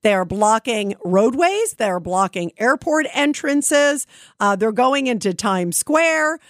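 Woman radio host, fairly high voice, dry close studio mic, indignant and emphatic, opinionated monologue. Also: lively intonation, slow pace, no room sound. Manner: indignant, emphatic, rhetorical questions.

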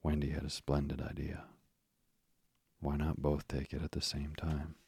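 A man reading a classic children's book aloud in a soft, soothing bedtime narration. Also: very deep voice, completely flat delivery, moderate pace, vocal fry, a little hiss or hum. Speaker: bedtime storyteller. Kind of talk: slow soothing sleep-story narration.

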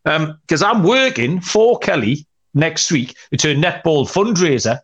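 A man's voice: fairly high pitch, lively intonation, unhurried, husky. A young adult man co-hosting a betting podcast, telling rambling jokey stories in casual chat with lots of fillers. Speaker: podcast co-host.

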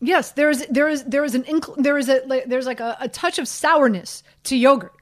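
Lady sports radio host, high voice, keeps cutting in and repeating the caller's name. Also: normal speed, no room sound, clean studio sound. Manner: talks over callers, repeats names insistently. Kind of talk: call-in sports talk.

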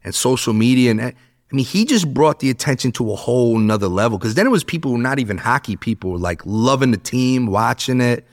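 A man in his thirties, a podcast guest, telling a story in casual chat, animated and swearing, acting out what people said. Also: medium pitch, a little fast. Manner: animated, swears, acts out quotes.

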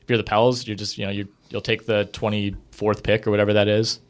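A man's voice: on the low side, level tone, quick pace. A man co-hosting a podcast, talking through basketball trades in a casual, conversational way with lots of fillers. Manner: conversational, hedging with many fillers. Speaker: podcast co-host.

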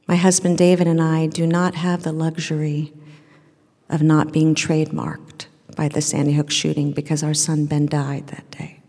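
A middle-aged woman telling a true personal story on stage, earnest and emotional, sometimes dropping to a hush. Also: low-pitched, monotone, normal speed. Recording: long reverb of a large hall.

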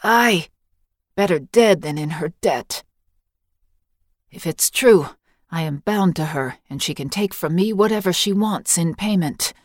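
A woman's voice: on the low side, expressive, unhurried, dry recording. A fretful young warrior, wounded and anxious, as a woman reads him in an audiobook. His voice comes out strained and worried in a dry, close recording. He sounds like he is fighting to keep his fear in check.

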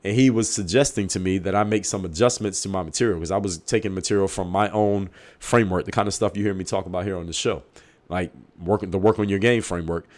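Blunt, emphatic man with a lowish voice. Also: steady tone, fast talker, darkish tone. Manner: blunt, emphatic, swears freely. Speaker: podcast host. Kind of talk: casual monologue.

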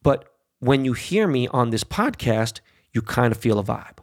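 Gravelly, foul-mouthed ranting man. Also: medium pitch, sing-song, measured pace. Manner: angry, blunt, heavy swearing, frequent "okay?" and "right?". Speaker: podcast host. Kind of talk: profane political rant.

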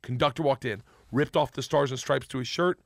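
A man telling a long story in casual chat, animated and profane, acting out the other people's lines. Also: mid-range voice, brisk, gravelly, no room sound. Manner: animated, profane, acts out quotes. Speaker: guest storyteller.

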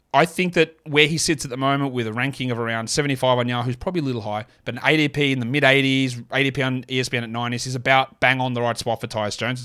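A man's voice: medium pitch, sharp tone. Chatty Australian man hosting a podcast. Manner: casual, chatty, thinks aloud with quick asides. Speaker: podcast host. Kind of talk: solo sports analysis podcast.

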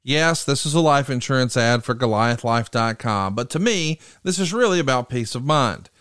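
Smooth-voiced man reading an ad. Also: animated, moderate pace, a bit bright, dry recording, studio quality. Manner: earnest, direct sales pitch. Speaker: podcast host reading an ad. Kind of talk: host-read ad.

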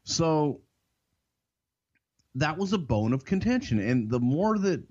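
An older man with a Southern American accent, co-hosting a podcast and telling behind-the-scenes stories in a folksy, drawn-out way. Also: fairly high pitch, very animated, a little mellow, slightly rough, highs cut off. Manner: folksy, drawn-out, swears casually. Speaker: podcast co-host. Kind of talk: casual storytelling.

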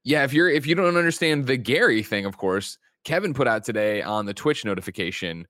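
A man hosting a casual video game news show, joking and talking in a quick, energetic way. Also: medium pitch, no echo, clean studio sound. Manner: energetic, joking, rapid-fire host delivery. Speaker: host.

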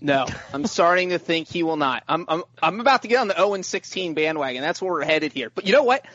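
A man co-hosting a podcast, chatting in an animated way and often repeating his first words. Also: a little high, quick pace, no echo, lo-fi sound. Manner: animated, repeats words when starting sentences. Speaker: podcast co-host. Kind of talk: casual sports chat.

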